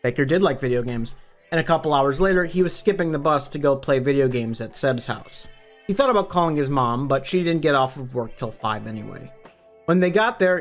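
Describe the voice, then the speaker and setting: A man narrating a book summary for his online channel, upbeat and conversational, with the odd casual swear. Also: medium pitch. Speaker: book review YouTuber.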